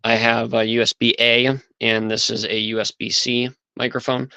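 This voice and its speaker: Smooth-voiced man hosting a livestream. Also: mid-range voice, little pitch movement, moderate pace, bright, forceful tone, no room sound, poor audio. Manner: chatty, thinks aloud while setting up. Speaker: livestream host. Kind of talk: casual livestream chat.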